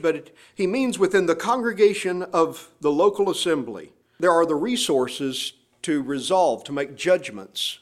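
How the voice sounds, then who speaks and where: Man preaching a scripture sermon. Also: a little high. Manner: expository preaching, quoting scripture with emphasis. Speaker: pastor.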